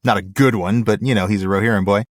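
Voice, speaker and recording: A man with a low voice co-hosts a relaxed podcast. He walks through word histories in measured detail, and his voice sounds dry and close to the mic. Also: no room sound. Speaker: co-host. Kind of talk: casual podcast chat.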